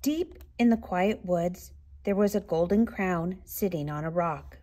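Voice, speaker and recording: A woman reading a children's picture book aloud with expressive, unhurried storytelling. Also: on the low side. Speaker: storybook reader.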